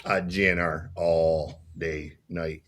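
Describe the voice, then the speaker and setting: A man's voice: deep voice, little pitch movement, slow pace, fairly bright tone. A man co-hosting a casual podcast, offhand and often laughing. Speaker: podcast co-host.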